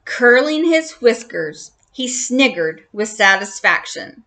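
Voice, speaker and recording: Slow bright-voiced woman reading aloud. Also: on the high side, animated. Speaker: children's story reader. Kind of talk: reading a children's book aloud.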